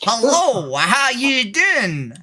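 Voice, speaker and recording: A woman putting on a loud, hammy Texan drawl. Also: fairly high pitch, sing-song, drawn-out words, a crowd in the background, pitched above the performer's own voice, heavily acted. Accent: put-on Texas accent. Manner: drawling, shouting, tacks on "so I am". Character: loud meat-loving Texan woman rancher's daughter.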